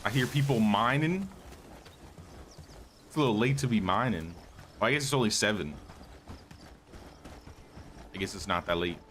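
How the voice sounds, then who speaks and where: A man's voice: lowish voice, animated, normal speed, long pauses, a bit bright, slight background noise. A man casually talking through a live game stream, thinking aloud and greeting viewers, his voice a bit worn. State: slightly losing his voice.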